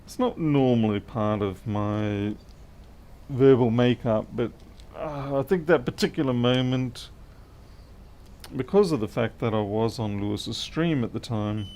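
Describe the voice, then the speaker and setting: A man's voice: medium pitch, a little slow, dark tone. Aussie man muttering through a repair. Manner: muttering banter to viewers while working. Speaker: electronics repair technician. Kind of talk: live-streamed repair chat.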